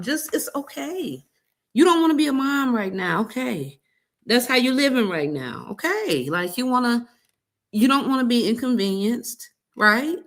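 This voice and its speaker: A woman hosting a livestream, mocking and sarcastically calling out a woman in a clip. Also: high-pitched. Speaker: livestream host. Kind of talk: reaction commentary.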